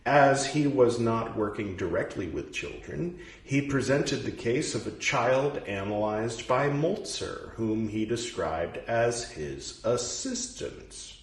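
A man's voice: medium pitch, lively intonation, slow pace, few pauses. A man in his forties reads aloud and breaks off for casual, rambling commentary and apologetic asides. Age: 40s. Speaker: reader and commentator. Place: room in Goa, India. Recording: roomy sound, distant from the mic.

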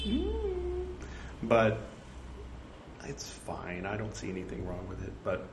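Reading scripture unhurriedly, a man with a fairly low voice and huge pitch swings speaks the punctuation marks aloud. He pauses for joking, apologetic asides that mock himself; the room echoes, with faint ambient noise.

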